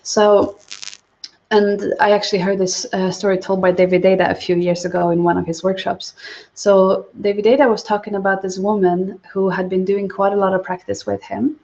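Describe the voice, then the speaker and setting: A woman giving a livestreamed spiritual teaching talk, soft-spoken and calm. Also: medium pitch, moderate pace. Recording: dull lo-fi livestream audio.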